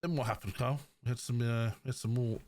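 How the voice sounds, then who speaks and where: A man's voice: medium pitch, fairly even intonation, quick pace, a little mellow. Chatty Cornish man recapping a race. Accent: Cornish English. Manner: chatty, explains terms, hesitant fillers. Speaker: podcast co-host. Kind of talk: casual race recap chat.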